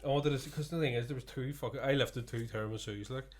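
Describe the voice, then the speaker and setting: A man's voice: medium pitch, quick pace, over a noisy crowd. A man co-hosting a podcast, chatting casually, swearing freely and laughing through his stories. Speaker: podcast co-host. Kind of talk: casual chat.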